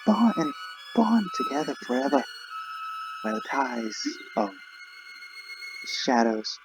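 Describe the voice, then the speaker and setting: A man voicing a sinister male vampire interrogator, speaking slowly and theatrically, dropping to whispers and swelling again. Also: mid-range voice, very animated, gravelly, music in the background, exaggerated voice. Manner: slow, theatrical, swinging between whispers and swells. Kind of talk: reading game dialogue aloud in character.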